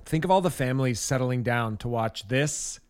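A man's voice: mid-range voice, lively intonation. A man co-hosting a casual podcast, talking about movies in a sardonic, crude, joking way. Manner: sardonic, crude, quick jokes. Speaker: podcast co-host. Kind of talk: casual movie review chat.

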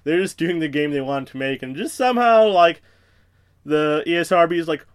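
A man's voice: on the high side, normal speed, clear, resonant tone. A young man hosting a podcast alone, rambling through profane, self-mocking tangents in casual chat. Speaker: podcast host.

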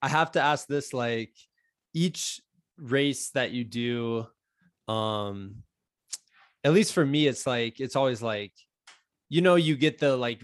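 Man, low voice, podcast host, friendly, rambling questions, dry close mic. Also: no echo. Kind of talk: casual podcast interview.

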